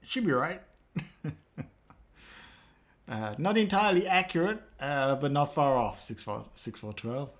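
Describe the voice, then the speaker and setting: Chuckling streamer, slightly high voice. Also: male voice, lively intonation, unhurried, pauses often. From England. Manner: joking banter, laughs often. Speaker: live streamer. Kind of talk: casual chat with live chat viewers.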